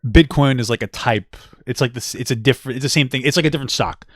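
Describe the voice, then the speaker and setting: A man's voice: mid-range voice, quick pace, no echo, clean studio sound. A young man, a podcast co-host, chatting casually with his partner, swearing freely and telling stories with bursts of laughter. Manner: loose, profane, storytelling with bursts of laughter. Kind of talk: casual couple chat.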